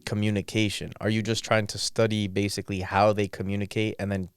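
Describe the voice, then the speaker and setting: Young male podcast host, low and smooth, supportive interviewer. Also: level tone, fairly quick, dry recording. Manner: supportive, frequent agreeing backchannels.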